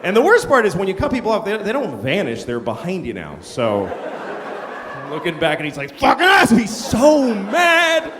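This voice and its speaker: A middle-aged man performing a stand-up comedy set on a theater stage, telling an exasperated story and acting out shouting characters. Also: fairly high pitch, big pitch swings, brisk, noisy background. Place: large theater stage before a live audience. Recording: reverberant theater, loud crowd laughter. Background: audience laughter.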